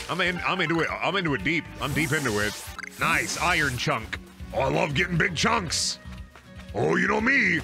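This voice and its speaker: A young man streaming a game, rambling through jokey, profane asides and breaking into sudden yelled outbursts. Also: medium pitch. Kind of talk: casual gameplay commentary.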